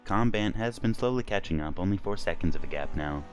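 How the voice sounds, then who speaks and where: A man doing live sim racing commentary, with jokey, quick play-by-play and frequent laughs. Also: low-pitched, animated, a little hiss or hum. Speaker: race commentator.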